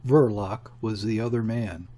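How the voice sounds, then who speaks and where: A man reading a classic novel aloud as an audiobook narrator, in a steady, unhurried way. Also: on the low side. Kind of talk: measured literary narration.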